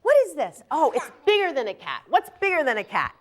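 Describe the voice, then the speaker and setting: A woman's voice: high-pitched, very animated, a little fast. A young woman leading a children's yoga class on a TV show, playful and encouraging, singing and counting along with the kids. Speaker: kids' yoga instructor.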